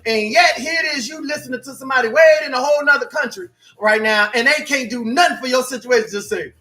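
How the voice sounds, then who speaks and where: A man preaches a motivational sermon in a high, bright, cutting voice. He swings from shouting to near-whispers and repeats key phrases. Faint music plays underneath. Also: brisk. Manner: preachy, shifts between shouting and hushed, repetitive. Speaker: life coach preacher. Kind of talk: sermon-style motivational talk.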